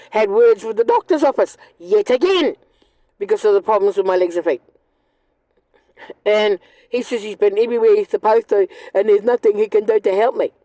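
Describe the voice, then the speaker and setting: A woman's voice: fairly high pitch, dark tone, no room sound, poor audio. A woman, ranting angrily and bluntly in a monologue, swearing often. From New Zealand. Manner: angry, blunt, profane. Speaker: vlogger.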